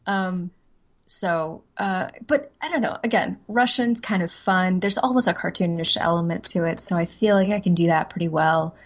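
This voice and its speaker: A woman voice actress from the American South, chatting as a guest in a casual interview, self-deprecating and quick to laugh. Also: fairly low pitch, muffled recording. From Southern United States.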